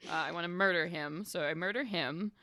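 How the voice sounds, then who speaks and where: A woman's voice: fairly low pitch, fairly quick, bright, forceful tone, no room sound. A woman playing a tabletop game, laughing, swearing and talking casually. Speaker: player.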